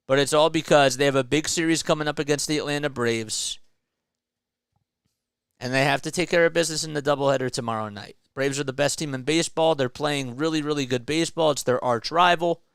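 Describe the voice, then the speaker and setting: A man's voice: a little high, vocal fry, fairly bright tone, clear, resonant tone, dry recording, studio quality. A man hosting a solo sports show, ranting with frustration and emphasis about his team's losses and speaking directly to the manager. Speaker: sports commentary host. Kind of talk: solo fan rant about baseball.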